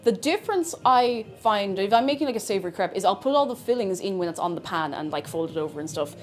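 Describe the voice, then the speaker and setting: An Irish woman chatting away on a cooking stream, her voice bouncing up and down in pitch as she talks. She rambles and restarts sentences, with faint music playing behind her. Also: lively intonation, fast talker. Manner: rambling, chatty, self-interrupting. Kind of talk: casual chat while cooking.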